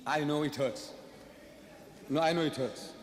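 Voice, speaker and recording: A man delivers a public debate speech, firing off questions and then answering them himself with emphatic repetition. His voice sits fairly high and rings through a large, reverberant hall. The sound is roomy, with a long tail on every phrase. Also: steady tone, measured pace. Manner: emphatic, repeats key phrases. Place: large lecture hall before an audience.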